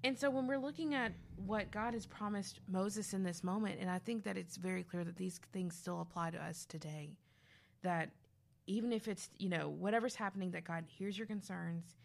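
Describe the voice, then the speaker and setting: A woman co-hosting a casual faith talk, telling lively stories and acting out what people said. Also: medium pitch, moderate pace, gravelly. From grew up youngest of five. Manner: animated storytelling, acting out quotes. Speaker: podcast co-host.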